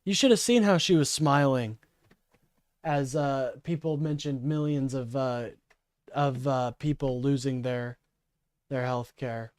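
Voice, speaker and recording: A man's voice: medium pitch, a little slow, a little mellow, smooth, no room sound. Profane sarcastic male streamer, dry close mic. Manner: profane, sarcastic, swings from angry rants to mumbling. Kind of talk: live stream political commentary.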